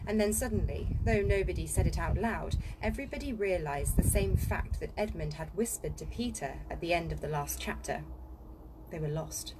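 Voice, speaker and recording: A woman's voice: mid-range voice, moderate pace. A chatty, playful woman who rambles cheerfully before settling into reading a children's book aloud. She records from a home studio, with faint noise underneath. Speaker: audiobook reader and voiceover artist. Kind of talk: casual chat, then reading aloud.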